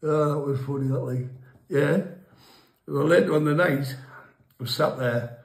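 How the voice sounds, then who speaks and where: A man's voice: a little high, measured pace, creaky, reverberant. A man casually telling a crude, rambling pub story, often laughing at his own tale. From England.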